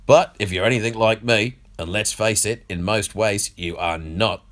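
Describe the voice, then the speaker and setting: A man's voice: lowish voice, moderate pace, a bit bright, natural voice. A man voicing a crude, sneering elderly media baron in a put-on Australian accent, in a comedy podcast monologue. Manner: foul-mouthed, gloating, mocking.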